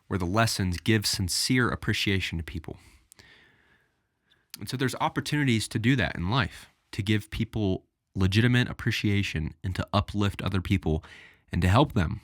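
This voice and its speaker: Casual low-voiced male podcast host. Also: a bit bright, no room sound, studio quality. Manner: casual, rambling, addresses listeners directly. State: out of breath. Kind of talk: solo podcast monologue.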